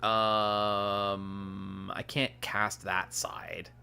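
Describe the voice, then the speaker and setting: Man streamer, slow unhurried delivery with an animated, bright tone, chuckly gameplay commentary over faint music. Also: lowish voice, gravelly, clean tone. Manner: chuckles often, thinks aloud. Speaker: streamer playing a card game.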